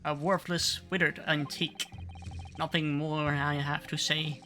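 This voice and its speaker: A woman voicing a desperate, ruined old male shop owner, with a dramatic, halting old man voice that stumbles over words. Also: low-pitched, level tone, bright, forceful tone, faint music behind, voice pushed down. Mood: bitter. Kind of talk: reading a game aloud in character.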